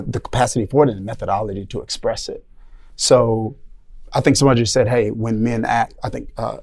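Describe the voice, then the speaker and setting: A man's voice: on the low side, darkish tone. A man discussing ideas on a podcast panel, thoughtful and searching for his words.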